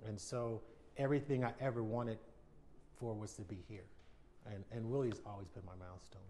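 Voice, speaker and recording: Sitting for a TV interview, a retired American baseball player in his fifties reflects candidly and imitates the voices of people he quotes. He speaks briskly in a lowish, mellow voice with fairly even intonation, over a little hiss or hum.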